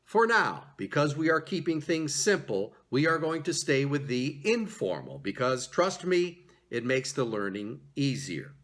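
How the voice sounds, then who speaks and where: In this video language lesson, a medium-pitched man runs repeat-after-me drills at a slightly slow pace with few pauses. He's animated and encouraging, exaggerating his intonation.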